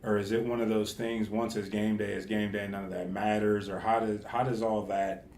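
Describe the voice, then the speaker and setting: A man's voice: lowish voice, level tone, normal speed, a little mellow, slight background noise. A man hosting a podcast interview, asking rambling questions with frequent restarts. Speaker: podcast host and coach. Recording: echoey room.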